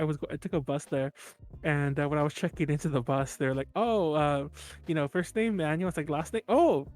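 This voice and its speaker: A man's voice: on the high side, darkish tone. A man hosting a podcast, talking in a loose, rambling way, restarting sentences and laughing often. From Mexican-American. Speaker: podcast host. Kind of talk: casual chat.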